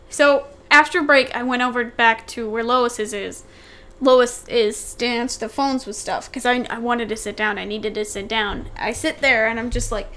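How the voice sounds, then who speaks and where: A woman's voice: a little high, steady tone, a little fast, bright, forceful tone. A young woman co-hosting a podcast, telling a long story in casual chat, rambling and repeating herself as she acts out what people said. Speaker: podcast co-host.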